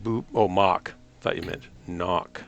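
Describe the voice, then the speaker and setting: A man with a fairly low voice hosts a relaxed gaming stream, trading playful jokes with his friends. Faint music runs softly in the background behind him. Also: slow pace, vocal fry, highs cut off. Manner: playful, joking banter. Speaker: streamer host. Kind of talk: casual gaming stream chat.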